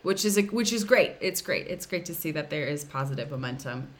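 Woman co-host, animated intonation, laughs a lot, mimics others in anecdotes. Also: low voice, fairly quick. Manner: laughing often, acts out quoted voices. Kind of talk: casual chat over a video call.

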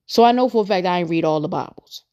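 A woman's voice: fairly low pitch, fast, mellow, muffled recording. A woman hosting a podcast, talking through her faith in an earnest, rambling way and repeating her points for emphasis. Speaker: podcast host. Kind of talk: casual faith monologue.

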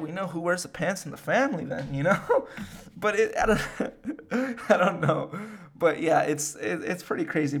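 A man's voice: high voice, husky. A young man hosting a podcast, rambling in casual, slangy chat full of swearing. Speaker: podcast host.

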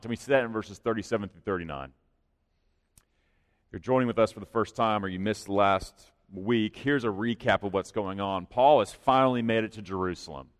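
A pastor preaching in a church, with an earnest, conversational delivery that rises for emphasis. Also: male voice, fairly low pitch. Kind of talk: sermon. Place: church sanctuary. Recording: long reverb of a large hall.

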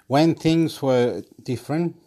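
A man's voice: fairly high pitch, slow, dark tone. A man telling a rambling story at home into his phone, repeating himself, restarting sentences, swearing and laughing between phrases. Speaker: vlogger. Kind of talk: rambling casual monologue.

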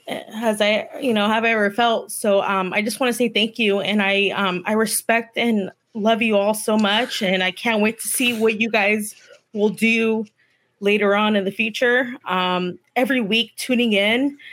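A woman guest on a livestream podcast, talking in an emotional, halting way with many pauses and fillers. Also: a little high, a bit bright.

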